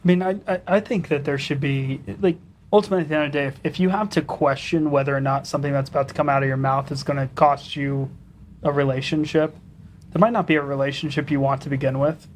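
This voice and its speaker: A man's voice: fairly high pitch, steady tone, fast talker, a little hiss or hum. A man speaking as a political candidate guest in casual interview talk, earnest and stammering as he restarts his sentences.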